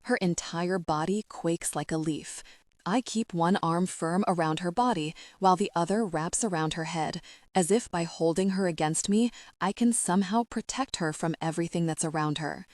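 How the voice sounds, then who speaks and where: A woman narrating a dark romance audiobook in the first person, with a steady, intimate, measured reading. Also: on the low side, no room sound, clean studio sound.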